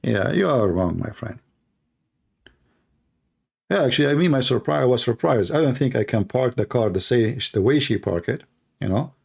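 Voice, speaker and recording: Animated man acting out little dialogues. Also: normal speed, gravelly, long pauses, breathy edge. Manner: animated, acts out dialogues in higher voices. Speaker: commentator. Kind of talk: casual talk to camera.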